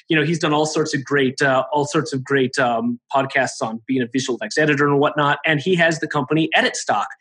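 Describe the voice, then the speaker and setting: A man's voice: fairly high pitch, fairly bright tone, slightly rough. A man guesting on a podcast, chatting loosely and telling work stories with lots of fillers. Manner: chatty storyteller, many fillers. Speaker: guest, assistant editor. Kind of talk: casual podcast conversation.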